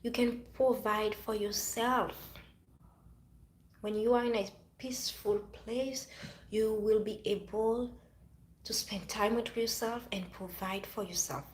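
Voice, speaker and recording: This vlogger, a Haitian woman, talks slowly to camera in a mid-range voice with fairly even intonation and a roomy sound. Her subject is a past relationship, delivered in an emphatic, preachy style with frequent repetition.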